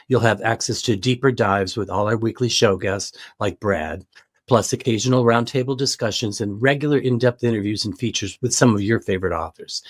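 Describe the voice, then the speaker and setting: A man co-hosting a book podcast, reading promotional notes for listeners in a relaxed, friendly way. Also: lowish voice, breathy edge, no room sound, studio quality. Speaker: podcast co-host. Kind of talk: reading sponsor-style promos.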